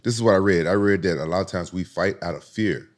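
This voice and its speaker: A man from Memphis, United States, with a deep voice and a quick pace tells stories casually and profanely on a podcast. He acts out the voices of the other people in his tales.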